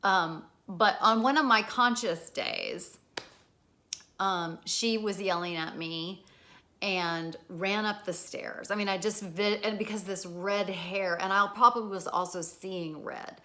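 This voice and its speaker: Bright-voiced, candid middle-aged woman. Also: medium pitch, steady tone, slow. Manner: candid, swears freely, acts out quoted people. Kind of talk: casual spoken talk.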